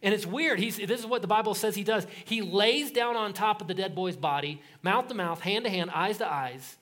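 High-voiced pastor telling a lively story. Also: male voice, normal speed. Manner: animated storytelling, acts out voices in quotes; casual, joking tone. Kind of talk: sermon.

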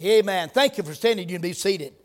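A man preaching a sermon in a church. He opens with a quiet prayer, then preaches with rising, emphatic force. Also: high-pitched, expressive, fairly quick. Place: church sanctuary. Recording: long reverb of a church hall.

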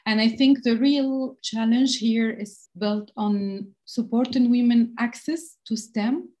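Measured woman, halting with fillers. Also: on the high side, dark tone. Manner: measured, thinks aloud with frequent fillers. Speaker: interview guest, tech policy expert. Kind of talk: conversational interview answers.

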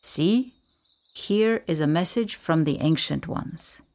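A woman's voice: on the low side, lively intonation, darkish tone. A woman doing a grave old castaway with a thick accent. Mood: gentle. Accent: foreign. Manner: slow, grave and formal.

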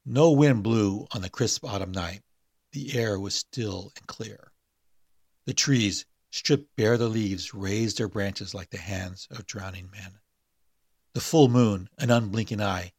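A man's voice: lowish voice, a little slow, breathy edge, dry recording, studio quality. A man hosting a podcast, chatting hesitantly with many fillers and reading a spooky short story aloud. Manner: hesitant, full of fillers and restarts in chat.

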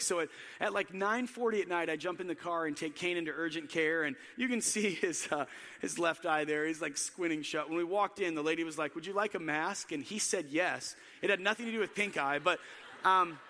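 A man in his thirties preaching a sermon, telling self-deprecating family stories in an animated way. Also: sits high, long reverb tail. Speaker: pastor.

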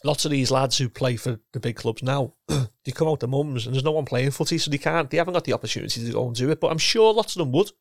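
A middle-aged man reminisces about his playing days. His voice has a gravelly edge, and he keeps repeating words and restarting his sentences. The sound is dry and close, with no room around it. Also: mid-range voice, quick pace, hardly any pauses, no echo. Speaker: former footballer and coach, guest. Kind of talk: casual chat.

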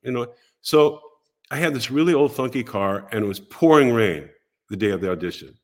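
An older American man, a podcast guest telling a story in a casual, animated way and acting out the voices of people he quotes. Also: mid-range voice, fairly quick.

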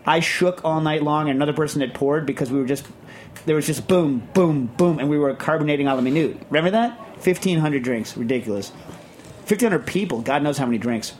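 A man with a somewhat high voice hosts a casual radio show, rambling from topic to topic. He talks with an emphatic, animated push. Faint studio ambience hangs behind him. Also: a little fast, slight background noise.

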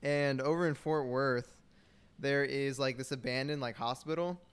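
A man's voice: mid-range voice, fairly even intonation, moderate pace, smooth. A young man in casual chat, telling a rambling story full of fillers.

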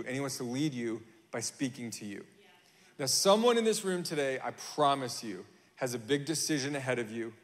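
A young adult man preaching a sermon in a church, animated, acting out quoted voices and repeating lines for emphasis. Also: a little high, long reverb tail. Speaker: pastor. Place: church sanctuary.

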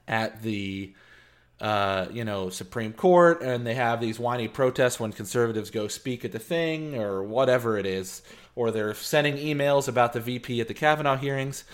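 Brief: male podcast co-host, casual and profane, animated rants, mid-pitch. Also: normal speed. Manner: animated, swearing, lots of fillers and laughs. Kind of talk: casual political chat.

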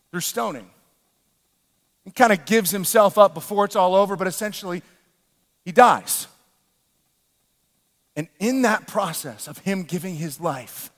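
An animated male pastor delivers a sermon, his voice pitched high for a man. He moves between quiet storytelling and fervent shouting. A long hall reverb trails every phrase.

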